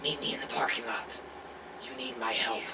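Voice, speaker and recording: A man's voice: mid-range voice, flat delivery, normal speed, close to an everyday voice. A man doing a whispering, menacing old oracle. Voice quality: hushed, whispery strange voice. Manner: sudden shouted outbursts. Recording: distant mic, faint air-conditioner hum.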